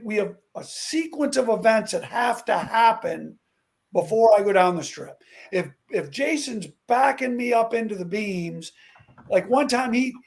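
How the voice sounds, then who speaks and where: Animated middle-aged man telling racing stories. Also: very high-pitched, creaky. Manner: animated storyteller who acts out quotes. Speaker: guest, former stuntman and drag racer. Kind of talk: casual talk-show chat.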